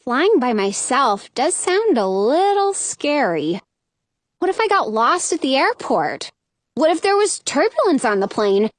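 Woman reading a kids story, high animated voice, dry close sound. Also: unhurried, no room sound. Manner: expressive, lively character reading. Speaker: audiobook narrator. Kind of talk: first-person storybook narration.

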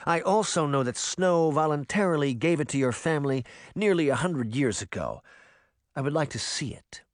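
A man's voice: a little high, expressive, moderate pace, no room sound, clean studio sound, close to an everyday voice. A man reading a storybook voices a cold, commanding former queen who speaks in a cool, clipped manner. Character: icy, imperious female sorceress, a former queen. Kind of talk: audiobook character reading.

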